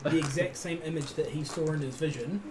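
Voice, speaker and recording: Fast-talking man running a tabletop game. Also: a little high, fairly even intonation, crowd noise. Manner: quick, restarts mid-sentence. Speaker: game master. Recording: noisy live stream audio.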